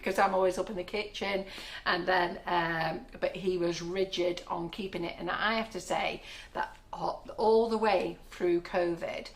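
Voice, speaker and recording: Chatty baking-show host, a woman in her sixties with a lowish voice, talking casually in a kitchen, rambling and quick to laugh. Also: flat delivery. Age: 60s. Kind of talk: casual live-stream chat.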